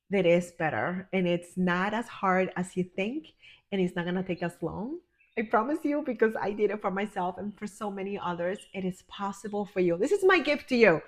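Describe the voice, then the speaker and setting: A woman who works as a healer and life coach, talking straight to the camera in an effusive, emphatic way and calling the viewer honey and my friend. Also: medium pitch. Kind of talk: motivational direct-to-camera talk.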